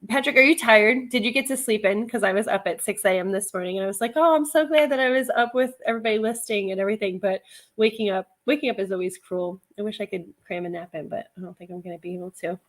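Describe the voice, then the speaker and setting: A woman's voice: mid-range voice, fast. A middle-aged woman chatting casually on a livestream, reading viewer comments, laughing often and wandering into asides. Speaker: livestream host, reseller.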